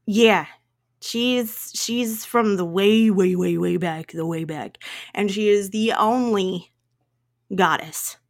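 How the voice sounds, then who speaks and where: Woman, podcast co-host, casual chat, unhurried delivery, laughs often, self-deprecating. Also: medium pitch. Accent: regional accent. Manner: chatty, laughs often, self-deprecating about her pronunciation.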